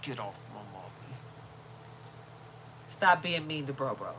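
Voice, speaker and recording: A woman voicing her jealous female pet dog, high, squealing and indignant. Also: sing-song, unhurried, fairly bright tone, slight background noise, heavily acted, poor audio. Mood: jealous whining.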